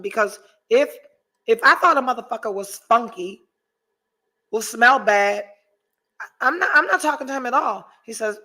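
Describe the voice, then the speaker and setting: This podcast host, a woman in her forties, has a slightly high, expressive voice that's bright and forceful, moving at a moderate pace with frequent pauses. Reading out viewer comments, she's candid and heavily profane, lurching theatrically from mock despair to laughter. The audio is low quality.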